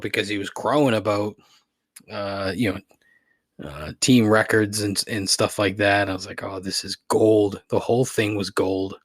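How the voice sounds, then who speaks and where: On his own podcast, a man rants in frustration, swearing a lot and laughing ruefully at himself. His voice is fairly low and fairly even in intonation, and he takes his time. The recording is dry, with clean studio sound.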